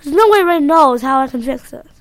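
A nervous, excitable boy who travels through time, his voice high and lively in a storybook reading, as a woman puts him on. He talks in quick, breathless bursts when things go wrong. The sound is dry and close. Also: no room sound. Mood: worried.

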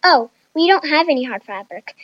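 A woman's voice: lively intonation, normal speed, no echo, dull audio. A woman voicing a panicky, dramatic young woman who whines and shrieks. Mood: eager. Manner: shrill and whiny.

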